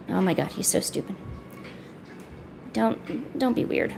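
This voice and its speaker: A woman's voice: mid-range voice, animated, measured pace, vocal fry, pauses often, a little mellow, slight background noise. A woman chatting casually on an art livestream, playfully scolding her cat in a mock-stern voice.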